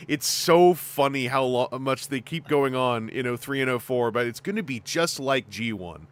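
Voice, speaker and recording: A man hosting a casual podcast chat, talking in a chatty, lively way with plenty of fillers. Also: mid-range voice, moderate pace, few pauses, clear, resonant tone. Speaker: host.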